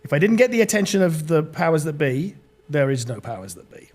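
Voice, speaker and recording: British male guest, middle-aged, slightly higher voice, earnest testimony with stumbles. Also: very animated, a little mellow. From Britain. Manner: earnest storytelling, halting restarts. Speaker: podcast guest. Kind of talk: personal testimony in an interview.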